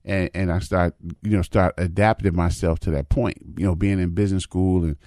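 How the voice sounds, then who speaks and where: A man's voice: low-pitched, steady tone, a little fast, dark tone, dry recording, studio quality. A man in his fifties telling folksy personal stories in a casual, repetitive way, often adding "man" and "you know what I mean". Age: 50s. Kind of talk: casual storytelling monologue.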